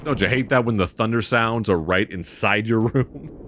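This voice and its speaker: A man's voice: lowish voice, normal speed, noisy background. A man giving casual gameplay commentary with crude, sarcastic humor.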